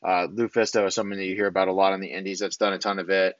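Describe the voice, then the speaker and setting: A man's voice: low-pitched, racing, no echo, highs cut off. A man co-hosting a podcast, casually recapping a wrestling show and acting out what the wrestlers said. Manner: animated recapping, acts out quotes. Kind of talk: casual chat.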